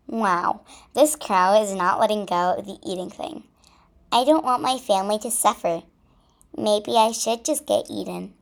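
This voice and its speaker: A woman's voice: medium pitch, a little slow, vocal fry. A woman voicing a small, brave female centipede in a read-aloud storybook, speaking earnestly.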